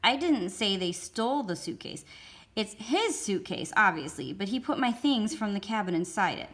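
A woman voicing a furious, near-hysterical female camp warden who makes demanding, shrill demands. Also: big pitch swings, moderate pace, a bit bright. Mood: agitated.

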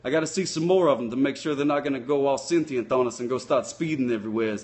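A man's voice: medium pitch, fast talker, a little mellow, natural voice. A man voicing a folksy male sock-puppet patrol cop who rambles with loose grammar while chatting with viewers on a comic live stream. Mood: chatty.

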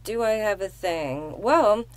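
A woman's voice: mid-range voice, animated, slow. A woman co-hosting a podcast in casual chat, teasing and brash, swearing playfully. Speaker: podcast co-host.

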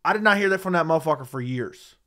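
This MMA commentary host's livestream rant is heated, profane and forceful, delivered into a studio dynamic mic. The voice runs a little high and a bit bright, expressive and quick.

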